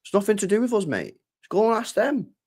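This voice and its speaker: Guy ranting about football on a late night stream, pitch all over the place, lots of swearing. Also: brisk, slightly rough. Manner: swears freely, animated, acts out imagined dialogue. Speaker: football channel host. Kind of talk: live stream football chat.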